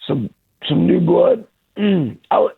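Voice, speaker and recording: A man's voice: high-pitched, expressive, slow pace, vocal fry, husky. Ranting man on a tinny phone line. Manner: blunt, ranting, trash-talking. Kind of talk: fired-up sports talk.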